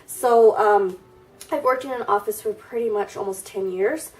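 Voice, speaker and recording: A woman's voice: medium pitch, normal speed, far from the mic, faint music behind. A woman in her thirties chatting casually in a get-ready-with-me video, her voice a little nasal and stuffy from a cold, rambling with fillers and restarts. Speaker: beauty vlogger.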